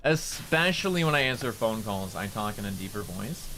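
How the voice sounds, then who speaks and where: A man's voice: fairly low pitch, expressive, normal speed, pushed and bright, a little hiss or hum. A young man streaming a game, chatting casually and rambling, with a nasal tone. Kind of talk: casual gameplay commentary.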